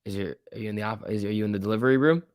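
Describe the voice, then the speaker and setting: A young man with a lowish voice hosts a casual stock-market live stream, chatting through viewer comments and urging the price on. The sound is dry and close, with no room around it. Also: rapid-fire, a little mellow, no room sound. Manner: chatty, reacts to chat and price moves, cheering the chart on. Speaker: stock market livestream host.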